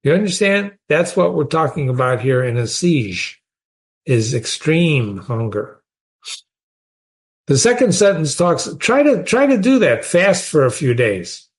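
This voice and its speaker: A man's voice: a little high, big pitch swings, measured pace. A man, teaching a short story in a conversational way and often asking the listener questions. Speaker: literature teacher.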